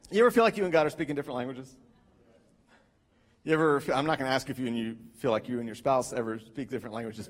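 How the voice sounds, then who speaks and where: A male pastor preaching a sermon, an animated storyteller who jokes at his own expense, speaking into a stage mic. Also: high-pitched.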